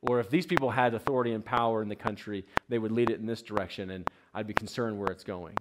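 A man in his thirties, a pastor, opening with a soft prayer and then preaching to a congregation with storytelling and questions to the room. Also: lowish voice, fairly even intonation, fast talker, heavy background noise. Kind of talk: sermon. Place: church sanctuary with a congregation.

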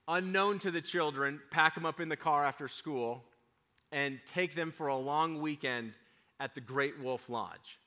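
A middle-aged male pastor preaching a sermon, telling a family story with lively, animated delivery. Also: fairly high pitch. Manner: storytelling, acts out his children's excited voices. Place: church.

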